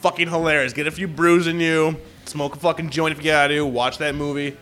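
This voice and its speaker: A man in casual chat as a podcast co-host, excitable and swearing a lot. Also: fairly high pitch, a little fast.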